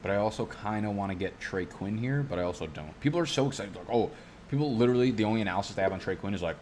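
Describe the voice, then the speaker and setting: A young man with a very low, deep voice chats through a fantasy draft in a loose, rambling way. He swears often and keeps drifting off on tangents. Faint background noise sits under the recording. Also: expressive, very fast. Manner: rambling, profane, goes off on tangents. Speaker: fantasy football YouTuber. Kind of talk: casual vlog commentary while drafting.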